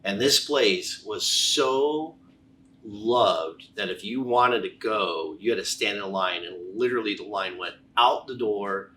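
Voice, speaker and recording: Low-voiced man telling stories, distant mic. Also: a little slow. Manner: animated anecdotes, repeated word restarts. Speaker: chiropractor, podcast guest. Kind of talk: casual conversational storytelling. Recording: distant mic with faint background noise.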